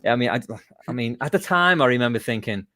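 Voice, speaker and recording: Lively man telling stories. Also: mid-range voice, fast talker. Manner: animated storyteller, lively and self-mocking. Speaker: guest musician. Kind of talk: casual interview chat.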